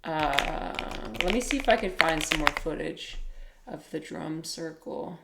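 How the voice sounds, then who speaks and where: A woman's voice: low-pitched, animated, measured pace, vocal fry, heavy background noise. A woman hosting a casual livestream, chatting in a rambling way as she reacts to footage, swearing and laughing easily. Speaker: livestream host.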